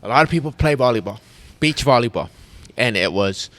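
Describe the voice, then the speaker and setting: A man, a podcast host telling a long story in casual chat, animated and rambling with restarts. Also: medium pitch, a little fast. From United States.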